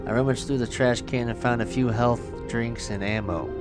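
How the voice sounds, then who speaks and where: A man's voice: medium pitch, fairly even intonation, normal speed, over loud music. Profane man narrating a horror game. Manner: profane, joking asides between narration. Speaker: gaming streamer. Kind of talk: let's play, reading game text aloud.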